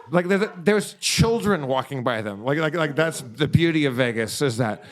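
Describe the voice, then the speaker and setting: A man telling profane, animated anecdotes as co-host of a live comedy podcast. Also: a little high, moderate pace.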